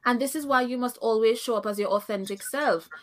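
A woman's voice: fairly high pitch, fairly quick. A woman co-hosting a casual reality-show recap, speaking her opinions firmly, thinking aloud and laughing often. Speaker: podcast co-host.

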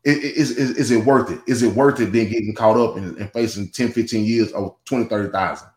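A podcast guest talks briskly in a steady, slightly mellow voice on the low side. Casual and rambling, he restarts often, strays into asides and keeps saying "you know what I'm saying." The sound has a roomy echo.

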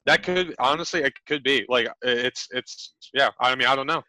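A man chatting on a podcast with a bright, forceful voice. The sound is dry and close. He rambles, pokes fun at himself and laughs often. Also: mid-range voice, moderate pace, dry recording, rough recording. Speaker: podcast host. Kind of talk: casual chat.

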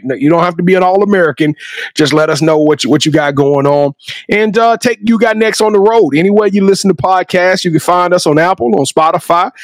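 Brief: male podcast host with a high voice, effusive slangy hype talk, dry close sound. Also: dry recording. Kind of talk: casual hype chat.

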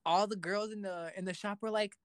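A young man chatting casually as co-host, telling animated stories that poke fun at himself. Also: high voice, brisk, dry recording. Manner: self-mocking, animated storyteller. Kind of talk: casual chat.

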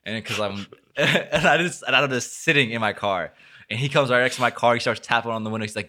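A man's voice: fairly low pitch, brisk, bright, forceful tone. A young man, a podcast host, telling a story in casual chat, rambling and swearing with lots of filler words. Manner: rambling, swears a lot, full of filler likes.

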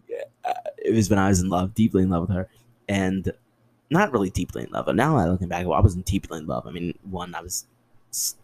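A man's voice: sits low, a little mellow, no echo. A young man in his twenties hosting a podcast alone, telling personal stories in a casual, profane and dramatic way and answering his own questions. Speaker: podcast host. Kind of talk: casual storytelling monologue.

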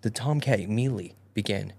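A man with a low, gravelly, husky voice and a darkish tone talks fast as he hosts a casual podcast. He reads an old fairy tale aloud in a relaxed storytelling style, tripping over its old-fashioned wording.

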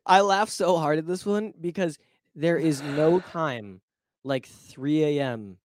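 A young man co-hosting a casual podcast, rambling and excitable, often trailing off mid-thought. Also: on the high side, takes it slowly, no room sound, studio quality. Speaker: podcast co-host. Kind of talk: casual chat.

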